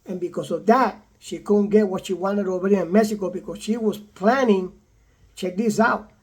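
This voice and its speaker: An older man casually telling a personal story in a repetitive, animated way, quoting the people in it. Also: high voice, moderate pace, husky. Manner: repetitive, animated retelling with acted quotes. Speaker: vlogger telling his own story.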